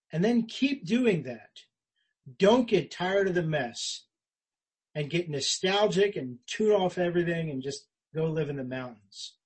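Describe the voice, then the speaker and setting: A man preaching a sermon as pastor, earnest and conversational, rising for emphasis and dropping quiet. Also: fairly high pitch, breathy edge, low-quality recording. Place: church.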